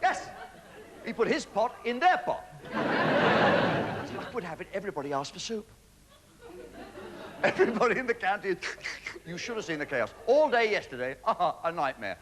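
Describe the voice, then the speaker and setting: Performing his opening monologue as host, a man rattles off one-liners and punchlines on a TV studio stage, his high voice very animated. Crowd noise fills the noisy 1980s recording as the audience laughs.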